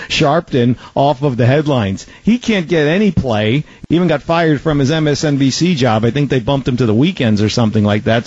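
A man's voice: fairly high pitch, a little mellow, no room sound, dull audio. A man hosting a talk radio show, delivering an opinionated, sarcastic monologue with frequent fillers and restarts.

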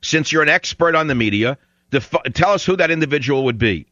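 A man's voice: fairly high pitch, lively intonation, fast talker, bright, forceful tone, dry recording, muffled recording. A man hosting a call-in talk radio show, sarcastic, confrontational and mocking toward callers.

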